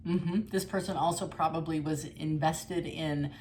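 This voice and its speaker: A middle-aged woman with a slightly low voice chats her way through a tarot reading. She is blunt and rambling, dropping the odd swear word, and a faint background hum sits under her voice. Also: a little slow, a little mellow. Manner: chatty and blunt, with mild swearing and frequent laughs. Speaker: tarot reader. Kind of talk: casual tarot reading monologue.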